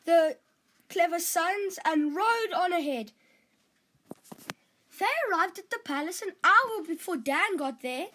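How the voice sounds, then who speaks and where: A woman reading a children's fairytale aloud as storyteller, in an animated, expressive storytelling manner. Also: extremely high pitch, measured pace, rough recording.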